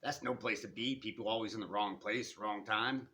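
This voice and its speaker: Guy putting on a big raspy street scavenger, loud drawly scolding, kinda low. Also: fairly even intonation, normal speed. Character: towering eccentric male street scavenger, scolding.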